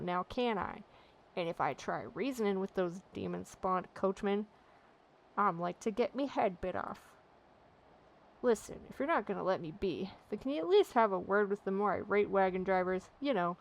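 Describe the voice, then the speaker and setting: A woman's voice: medium pitch, moderate pace, natural voice. A woman voicing a frazzled male traffic warden from a game who complains wearily in sailor dialect. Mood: put-upon.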